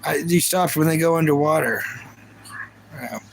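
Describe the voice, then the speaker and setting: A man's voice: on the high side, moderate pace, vocal fry, a little hiss or hum, low-quality recording. A young man hosting a livestream, chatting casually and playfully about anime and reacting to his viewers. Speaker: livestream host.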